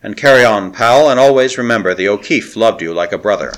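Audiobook: brash young hero, affectionate and rough-edged, read by a man. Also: lowish voice, expressive, fairly quick, fairly bright tone, rough recording. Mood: strained. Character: reckless young Irish adventurer man, warm-hearted. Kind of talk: audiobook character reading.

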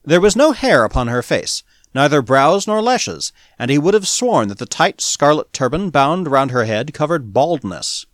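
With a fairly high pitch, this male narrator reads an audiobook in a measured, expressive storytelling style. There's no room sound, and the audio is studio quality.

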